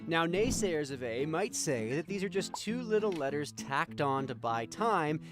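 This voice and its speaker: A man's voice: on the high side, sing-song, measured pace, over music. Man narrating a feature segment. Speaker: feature reporter. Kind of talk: scripted narration.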